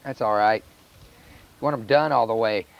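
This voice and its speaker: Laid-back Carolina chef talking you through a recipe. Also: male voice, on the low side, moderate pace, creaky. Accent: North Carolina. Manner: relaxed, plainspoken, step-by-step instruction. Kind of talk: cooking demonstration. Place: outdoor charcoal grill by a house. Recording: dull lo-fi VHS recording.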